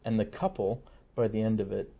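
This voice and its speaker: Middle-aged male lawyer guest, low husky voice, measured and explanatory. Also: fairly even intonation, dark tone, lo-fi sound. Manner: measured, explains with examples and asides. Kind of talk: conversational interview.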